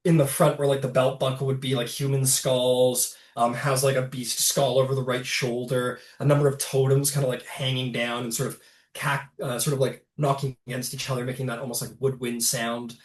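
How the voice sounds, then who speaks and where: A man's voice: medium pitch, flat delivery, fairly quick. A man narrating a tabletop game as game master, rambling loosely with fillers and swearing. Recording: roomy, distant mic.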